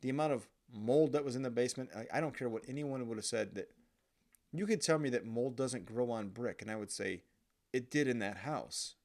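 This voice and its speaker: A man's voice: medium pitch, brisk, a little mellow. A young man, host of his own show, telling candid stories in a rambling, profane, casual monologue. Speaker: podcast host.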